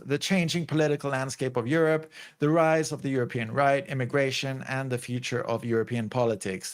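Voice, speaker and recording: Man, host, casual reaction commentary, rambling, mid-pitched voice. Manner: rambling, lots of likes and restarts.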